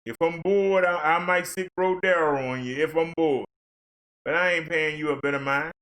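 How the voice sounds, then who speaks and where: A man's voice: fairly high pitch, moderate pace, fairly bright tone. A man ranting on a livestream in a fervent, blunt, preachy way. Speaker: livestream commentator.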